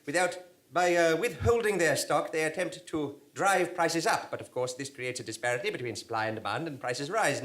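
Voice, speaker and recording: A man's voice: a little high, a bit bright. A man voicing a pompous, long-winded town bureaucrat who lectures with long words.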